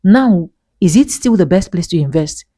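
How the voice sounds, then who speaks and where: A woman's voice: fairly low pitch, expressive, moderate pace, dark tone, no room sound. A woman giving an opinionated commentary monologue, indignant and emphatic, full of rhetorical questions. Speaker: vlogger commentator.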